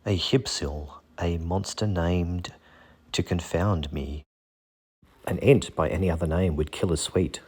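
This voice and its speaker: A man's voice: low voice, unhurried, darkish tone, husky. A man casually talking through fantasy monster art, joking and making puns along the way. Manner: jokey, punning, self-deprecating. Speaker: channel host.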